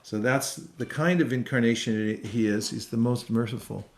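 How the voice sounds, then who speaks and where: A man giving an online devotional lecture and answering live questions, speaking in an unhurried, conversational way with frequent fillers. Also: mid-range voice, fairly even intonation. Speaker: temple speaker. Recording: roomy echoey sound.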